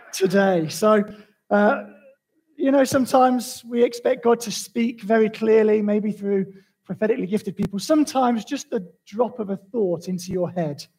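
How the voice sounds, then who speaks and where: A man preaching a sermon as pastor, telling a story in a lively, conversational way. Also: high voice, husky, poor audio.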